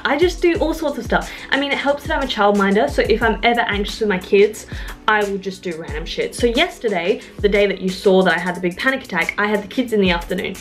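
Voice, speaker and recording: A woman's voice: fairly high pitch, a bit bright. A young woman talking frankly to camera at home, rambling and self-mocking as she gives tips. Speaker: vlogger and childminder. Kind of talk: candid talk to camera. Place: home, moving between rooms.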